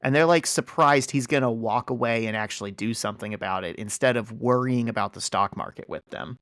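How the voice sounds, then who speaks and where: A man hosting a casual podcast chat, retelling a story with lively energy and plenty of fillers. His voice sits at an ordinary middle pitch. It is recorded close and dry, with no room sound. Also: a little fast, dry recording. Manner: animated storytelling with many fillers. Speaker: podcast host. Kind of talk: casual chat recapping a comic.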